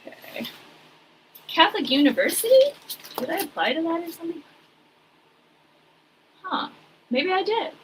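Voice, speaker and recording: A woman's voice: very high voice, big pitch swings, normal speed, long pauses, a little hiss or hum, low-quality recording. A woman in her forties chatting casually while sorting old papers, rambling with wry asides. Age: 40s. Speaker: vlogger.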